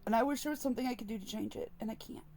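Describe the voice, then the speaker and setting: A woman's voice: on the high side, racing, a little mellow, slight background noise. A woman vlogger speaking candidly and emotionally as she tells a personal story to the camera. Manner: earnest, candid, openly emotional. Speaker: vlogger sharing personal experience.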